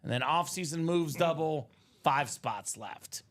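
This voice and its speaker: A man hosting a live card-break stream, chatting casually and pitching breaks with lots of filler words. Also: expressive, unhurried. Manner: upbeat, chatty, salesy, many "uh" fillers. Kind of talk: casual sales chat on a livestream.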